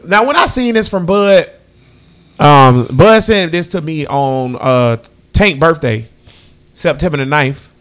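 Man, podcast host, loose casual chat, voice sits a bit high. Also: lively intonation, slow, a bit bright. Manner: loose, chatty, talks to listeners as y'all. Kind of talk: casual sports picks chat.

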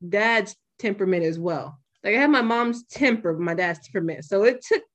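A young woman hosting a podcast, talking bluntly and with plenty of swearing in a casual, animated way. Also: medium pitch, fairly quick. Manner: blunt and profane, animated retelling. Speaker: podcast host.

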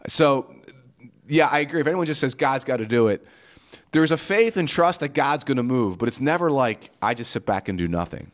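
A man's voice: mid-range voice, animated, brisk. A man, a pastor hosting a podcast, talking earnestly and reflectively about faith in casual conversation, quoting scripture and sayings.

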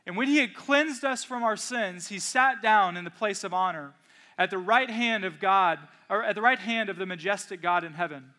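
A man in his thirties preaching to parents in a casual, earnest way, mixing scripture with stories from home. His voice sits high and sounds bright and forceful. He keeps it personal and conversational. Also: moderate pace. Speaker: pastor. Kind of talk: sermon.

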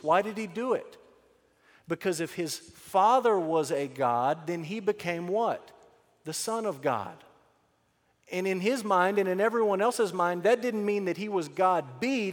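A man preaching a sermon, his voice sitting somewhat high for a man. He tells the story with emphasis and settles into an earnest, lower tone to drive his points home. His words ring out with a long reverb, as if spoken in a large hall. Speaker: pastor.

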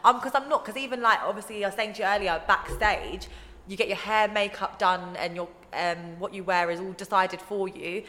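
A woman's voice: medium pitch, fairly quick. A young woman chatting as a guest, telling stories and acting out what others said. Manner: chatty storytelling, quotes others in lively voices. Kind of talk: casual chat. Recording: roomy with long reverb.

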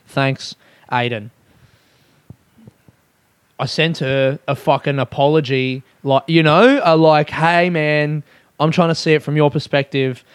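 A young man, a comedian, telling a story casually, animated and self-mocking, his voice jumping high when excited. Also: clean tone, no room sound, studio quality.

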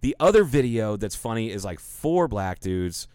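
A man with a low voice chats casually, telling stories in a lively, profane way. The sound is dry and close. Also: normal speed, clear, resonant tone, dry recording. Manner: profane, animated storyteller. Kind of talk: casual chat.

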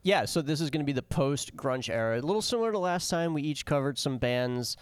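A young man co-hosting a podcast, laying out the plan and slipping in deadpan jokes. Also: on the high side, brisk, clean tone. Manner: dry, explanatory, deadpan jokes. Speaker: podcast co-host. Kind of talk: casual chat.

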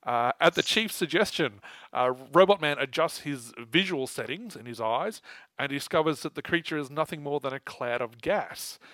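A man's voice: medium pitch, a bit bright, no echo, poor audio. A man co-hosting a podcast, recapping comic issues in casual chat with wry asides and frequent laughter. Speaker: podcast co-host.

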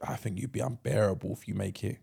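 A man's voice: lowish voice, fairly even intonation, fast talker, creaky, mellow, slightly rough. A man co-hosting a podcast, chatting casually, often repeating words and teasing his co-host. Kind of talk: casual chat.

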